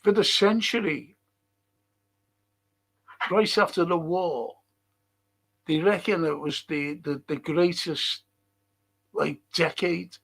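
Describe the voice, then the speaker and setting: A man's voice: a little high, slow pace, vocal fry, long pauses, a bit bright, slightly rough. An older man hosting a livestream, rambling casually, swearing and chuckling as he reads out viewer comments. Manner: rambling and profane, chuckling often. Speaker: livestream host.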